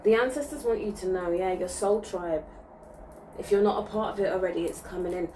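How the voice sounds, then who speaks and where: A soothing woman gives an intuitive spiritual reading, often checking in with her listeners. She talks at a middling pitch, a little off the microphone, with a faint hiss in the background. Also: brisk, darkish tone, recorded from a distance, poor audio. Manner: soothing, reassuring, frequent "okay?" check-ins. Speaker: spiritual reader.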